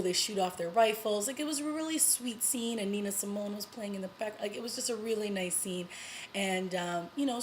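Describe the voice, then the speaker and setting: A woman talks through a TV episode like she's catching up with a friend. She is chatty and eager, full of fillers and quick laughs, at an ordinary middle pitch. A faint hiss sits under her voice. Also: rough recording. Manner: chatty and excited, full of you-knows and little laughs. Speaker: TV review vlogger. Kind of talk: casual episode recap.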